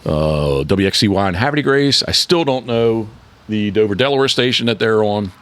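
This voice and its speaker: A man's voice: lowish voice, animated, normal speed, a bit bright. A man hosting a casual podcast, rambling and correcting himself often as he talks. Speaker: podcast host and decoy carver.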